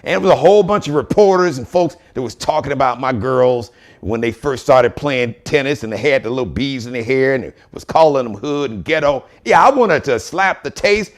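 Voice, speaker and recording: A man's voice: high-pitched, fairly bright tone. A man putting on an impression of an indignant older father who scolds a younger man in an exasperated, lecturing way.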